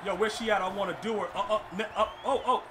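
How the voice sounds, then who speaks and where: High-voiced frustrated young gaming streamer. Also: male voice, steady tone, quick pace. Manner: frustrated, ranting, stammering restarts. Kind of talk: live gameplay commentary. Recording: clear background noise.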